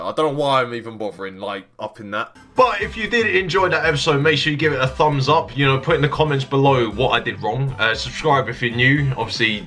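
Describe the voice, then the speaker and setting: A man commentating his own football management game, dry and self-mocking, shouting when a goal goes in. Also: mid-range voice. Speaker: gaming YouTuber.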